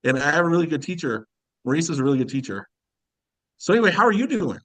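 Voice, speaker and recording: A man's voice: a little high, very animated, quick pace, no room sound, low-quality recording. A man giving a casual sales coaching talk on a video call, acting out quoted conversations and laughing often. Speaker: insurance sales leader. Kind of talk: casual recruiting training talk.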